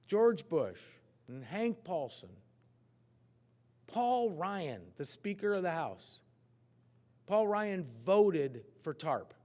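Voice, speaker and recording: A man speaking as an economist at a forecast breakfast, animated, asking the audience questions and poking fun at himself. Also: high-pitched, long reverb tail. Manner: animated, asks the crowd questions, self-mocking. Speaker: economist giving a keynote. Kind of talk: lively forecast speech to an audience.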